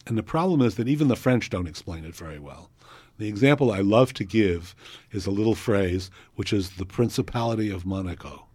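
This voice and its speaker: A man's voice: lowish voice, expressive, fairly quick, darkish tone, husky, no echo. A man, a composer, answering interview questions in a thoughtful, explanatory way with frequent hesitations.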